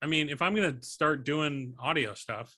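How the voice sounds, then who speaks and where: A young man co-hosting a podcast, chatting casually with friends, joking and rambling with quick laughs. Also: fairly high pitch, bright, forceful tone, dry recording, clean studio sound. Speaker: podcast co-host. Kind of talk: casual chat among friends.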